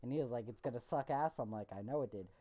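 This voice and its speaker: A man's voice: medium pitch, quick pace, mellow. A young man co-hosting a casual chat over voice chat, rambling through stories and acting out quotes. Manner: rambling storyteller, acts out quotes. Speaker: podcast co-host. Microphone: voice chat headset.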